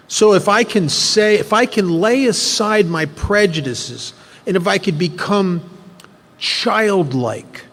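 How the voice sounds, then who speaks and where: A man speaking at a recovery workshop, telling a story earnestly to make a spiritual point. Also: on the high side. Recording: long hall reverb.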